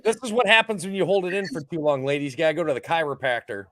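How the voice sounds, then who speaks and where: A man's voice: a little high, pushed and bright, dry recording. A man co-hosting a casual podcast, joking around as he reacts to videos. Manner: joking, quick to laugh along. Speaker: podcast co-host.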